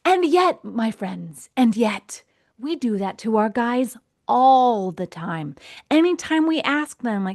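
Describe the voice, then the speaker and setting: A woman hosting a podcast, telling a personal story in a casual, animated way and acting out the voices in it. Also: high voice, unhurried. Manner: animated, acts out quoted voices, laughs often. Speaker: podcast host.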